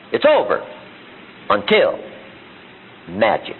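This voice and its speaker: Husky, lively man giving a seminar speech. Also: on the high side, a little fast. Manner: emphatic rhetorical questions and repetition. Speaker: motivational seminar speaker. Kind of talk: live motivational seminar speech. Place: seminar room before an audience. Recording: tinny lo-fi archival seminar recording.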